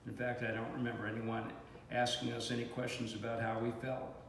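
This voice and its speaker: A man's voice: mid-range voice, brisk. Older man reading his memoir aloud. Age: 70s. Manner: steady, plainspoken storytelling with mild cursing. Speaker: author reading his own book. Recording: echoey room, faint hiss.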